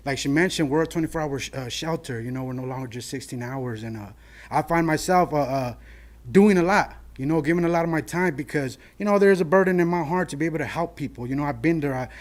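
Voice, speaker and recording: A man's voice: fairly high pitch, quick pace. A man speaking earnestly at a city council meeting, heartfelt and plain, often saying "you know". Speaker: shelter monitor giving public comment. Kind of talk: public comment at a council meeting. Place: council chamber.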